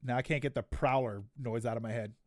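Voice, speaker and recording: A man's voice: medium pitch, steady tone, fast, dry recording, clean studio sound. A man streaming live, chatting casually and reacting to a trailer, rambling with frequent restarts. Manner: rambling, restarts, laughs often.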